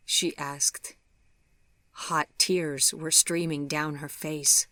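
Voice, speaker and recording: A woman narrating a storybook in a measured, softly dramatic way, sometimes dropping to a whisper. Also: sits low, little pitch movement, no echo. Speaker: audiobook narrator.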